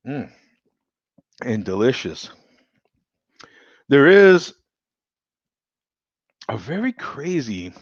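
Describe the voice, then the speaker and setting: A man's voice: on the high side, vocal fry, fairly bright tone, no room sound, highs cut off. A man casually reviewing a beer on a live stream, joking and laughing often as he chats with viewers.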